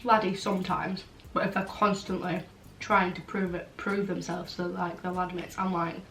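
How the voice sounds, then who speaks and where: A woman's voice: lowish voice, level tone, moderate pace, fairly bright tone. A young woman chatting frankly in a casual vlog Q&A, blunt and full of "like" fillers. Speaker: vlogger. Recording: roomy, slightly distant, faint background noise.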